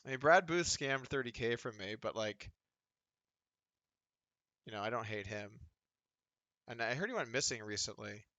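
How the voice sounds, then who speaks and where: A man's voice: medium pitch, lively intonation, normal speed, long pauses, pushed and bright, dry recording. A man, chatting casually and sardonically while streaming poker from home. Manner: rambling, sardonic, mocking impressions of others. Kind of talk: casual livestream chat while playing online poker.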